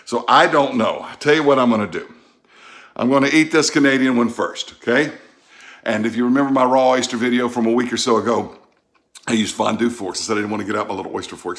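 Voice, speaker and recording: A man's voice: mid-range voice, fast. A middle-aged man from the Gulf South with a Southern accent, chatting folksily as he tastes food in a casual home cooking vlog. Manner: chatty, folksy, thinks out loud while tasting. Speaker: cooking vlogger.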